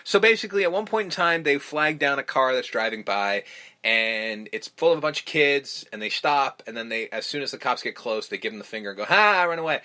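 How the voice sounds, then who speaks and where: A man's voice: medium pitch, fairly quick, pushed and bright. A man hosting a podcast, recapping a film in casual, rambling chat full of ums, restarts and swearing. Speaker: podcast host.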